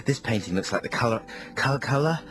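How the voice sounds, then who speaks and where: A man's voice: medium pitch, expressive, fast talker, voice pushed up, natural voice. A man with a British accent putting on a drunk, angry male film actor in a comedy bit on the radio. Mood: drunk, shouting. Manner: muttering, then yelling theatrically.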